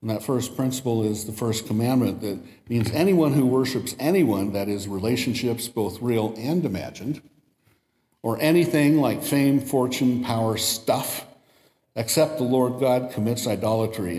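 A man's voice: medium pitch, moderate pace, dark tone. A man preaches a sermon in a church, reading a long illustration story and voicing its quotes with a lift. His medium voice rings through a large room, with a reverb tail hanging after each phrase. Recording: echoey hall with long reverb.

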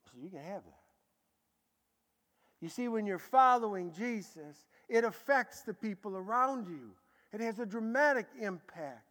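Guy preaching in a big church, highish voice, long echo trailing off, goes loud then real quiet. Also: a little slow. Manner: animated storytelling, swinging from loud bursts to hushed tones. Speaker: pastor. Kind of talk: sermon. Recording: long hall reverb.

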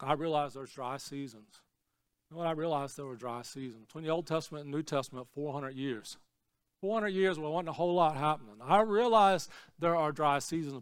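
A man preaching a sermon as pastor, swinging between low, quiet asides and shouted, repeated lines. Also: smooth, dry recording, clean studio sound.

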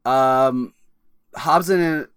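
A man's voice: mid-range voice, very slow, fairly bright tone, clean tone. A man in casual chat about a movie, rambling and restarting, laughing easily. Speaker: movie discussion panelist.

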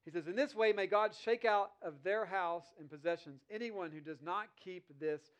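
A man preaching a sermon, reading scripture slowly and then explaining it in a conversational way. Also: sits high, clean tone. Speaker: pastor.

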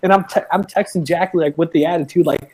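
A man's voice: a little high, steady tone, fast talker, a little mellow, a little hiss or hum, poor audio. A man who is a teacher, chatting casually with friends, telling long rambling stories full of swearing and acted-out quotes. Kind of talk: casual chat among friends.

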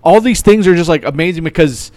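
A man's voice: on the high side, fast talker, darkish tone, no echo. A man co-hosting a casual movie podcast, rambling, laughing often and swearing casually. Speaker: podcast co-host. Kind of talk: casual chat.

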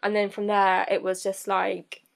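A young woman telling a personal story as a podcast guest, candid and halting, with many fillers and restarts. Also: mid-range voice, monotone, creaky.

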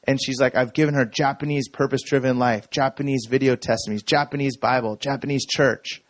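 A man telling a personal story from the stage in a relaxed, conversational way, checking in with the audience as he goes. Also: mid-range voice, fairly quick. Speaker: speaker. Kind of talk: conference talk.

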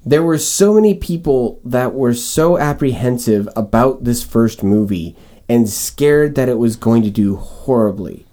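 A co-host speaking in a casual movie chat, eager to make a case. The voice is warm and mellow, with pitch that swings widely as the points pile up. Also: expressive, a little slow. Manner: enthusiastic, argues points eagerly. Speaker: podcast co-host.

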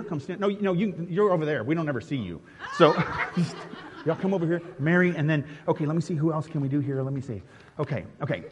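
A man's voice: a little high, muffled recording, slight background noise. A male pastor, casually directing a congregation through a nativity skit, chatty and laughing often. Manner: playful and chatty, laughing often, with many restarts. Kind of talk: interactive Christmas sermon, directing a live nativity skit. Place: church sanctuary. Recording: long reverb from a large hall.

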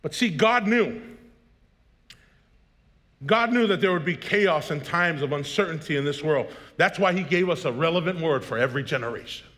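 A man's voice: on the high side, animated, normal speed, fairly bright tone. A man in his thirties preaching a sermon as pastor, telling jokey family stories and then building to emphatic preaching. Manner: storytelling, joking, rising to emphatic preaching. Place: church sanctuary. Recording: long hall reverb.

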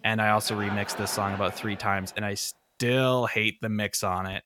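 A man's voice: lowish voice, steady tone, normal speed, noisy background. A man guesting on a podcast, joking theatrically and poking fun at himself. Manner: self-mocking, jokey, theatrical. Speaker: podcast guest, game composer. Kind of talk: casual podcast chat. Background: music.

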